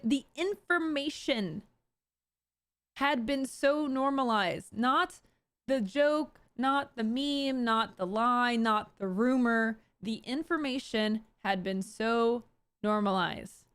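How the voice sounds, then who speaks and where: A woman's voice: fairly high pitch, no echo. A woman streamer in casual livestream commentary, reading tweets aloud and picking them apart while talking to her chat. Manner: talks to chat, quick and animated.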